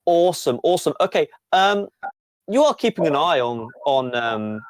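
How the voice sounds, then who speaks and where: A man's voice: a little high, lively intonation, moderate pace, no room sound, natural voice. A sweetly eager young woman who lives for the rules, voiced by a man running a tabletop game. She talks with little hesitations and a slightly raised, polite voice. The sound is dry and close. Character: eager, rule-loving young woman informer.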